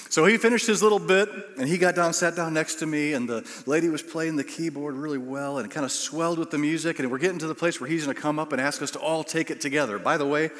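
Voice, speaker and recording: Storytelling pastor in a reverberant hall. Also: male voice, a little high, quick pace, fairly bright tone. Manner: self-deprecating storytelling with acted quotes. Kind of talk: sermon. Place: large church auditorium.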